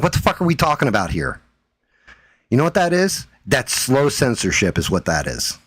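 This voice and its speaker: A man's voice: mid-range voice, fairly bright tone, breathy edge, no echo. A man hosting his own livestream, ranting in a profane, defiant and heated way. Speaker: livestream host.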